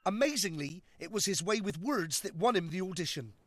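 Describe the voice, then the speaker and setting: An English man presenting a comic TV documentary, narrating in an excitable, jokey way. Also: brisk. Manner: excitable, high-energy and jokey. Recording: loud music bed under narration.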